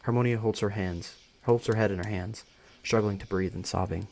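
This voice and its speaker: Low-voiced man reading a story live. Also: fairly even intonation, fairly quick, creaky, few pauses, a little mellow. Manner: casual, stumbles and rereads lines. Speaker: story reader.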